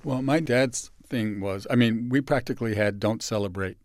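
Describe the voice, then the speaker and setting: A man from San Francisco, a guest in an interview, telling personal stories in a halting, reflective way and dropping softly when he quotes others. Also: mid-range voice, no echo, clean studio sound. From San Francisco, USA. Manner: halting with restarts, soft dramatic dips when quoting others.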